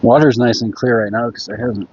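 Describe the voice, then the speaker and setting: A young man from Minnesota, with the accent to match, rambles through stories in a relaxed, offhand way. His voice sits at an ordinary middle pitch and he swears casually as he talks. The sound is slightly dull and lo-fi, picked up outdoors during a ride. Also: a little fast, a little hiss or hum. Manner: rambling storyteller, laid-back, swears casually. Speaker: livestreamer. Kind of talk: casual live-stream chat while riding. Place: outdoors on a scooter ride by a creek.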